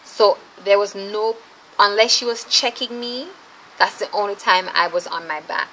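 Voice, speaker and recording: A young woman telling a story in a casual, animated vlog, chatty and often laughing, speaking to viewers as "ladies". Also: mid-range voice, normal speed, a little hiss or hum, poor audio. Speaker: vlogger, mother.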